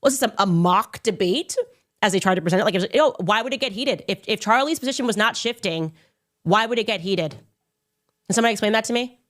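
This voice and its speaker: A woman's voice: lively intonation, fast talker, fairly bright tone. Sarcastic, combative woman host. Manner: sarcastic, mocking impressions in a high voice; combative, emphatic. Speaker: commentary show host. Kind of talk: opinionated commentary monologue.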